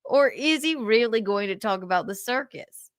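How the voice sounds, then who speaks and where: A woman's voice: fairly high pitch, animated, moderate pace, dry recording, clean studio sound. A woman hosting a livestream, chatting casually and giggling as she reacts to a clip. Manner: giggly, musing aloud. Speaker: livestream host.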